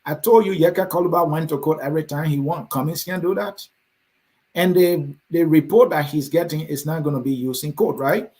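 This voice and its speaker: A man's voice: fairly high pitch, fairly quick, darkish tone. A man with a Liberian accent hosting a political talk show, reading viewer comments aloud and answering them with a combative, direct manner. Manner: combative, addresses commenters by name.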